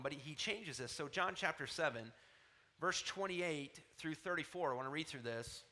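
A man delivering a sermon with a bright, ringing voice pitched a little high. His preaching swells to emphatic peaks and drops to soft, tender asides. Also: animated, normal speed. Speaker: pastor.

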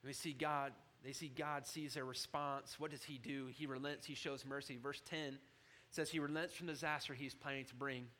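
A man preaching a sermon, moving from low, quiet asides to loud, shouted emphasis. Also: steady tone, normal speed, a little hiss or hum. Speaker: pastor.

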